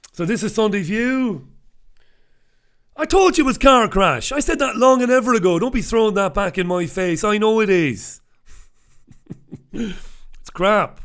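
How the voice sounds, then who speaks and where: A middle-aged man hosting a casual live stream from a home studio, chatty and self-mocking. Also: mid-range voice. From Ireland. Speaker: host.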